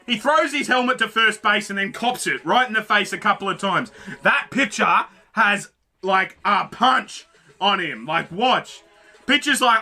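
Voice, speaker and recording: Excitable man, bright high voice. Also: moderate pace, soft background music. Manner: excitable, swears freely, talks to the screen. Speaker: reaction video host. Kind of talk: casual reaction commentary.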